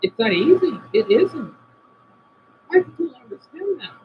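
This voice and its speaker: Male streamer, high and animated voice, casual chat to viewers, dull lo-fi home audio with faint hiss. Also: a little slow. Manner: chatty, answers comments, trails off quietly. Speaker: livestream host reading chat. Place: indoors at home by a window.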